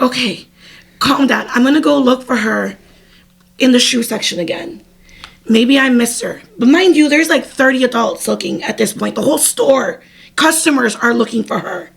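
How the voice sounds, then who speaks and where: Gravelly, husky young woman telling a story. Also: on the high side, moderate pace. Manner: animated, laughing, lots of "like". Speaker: podcast co-host. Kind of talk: casual storytelling chat.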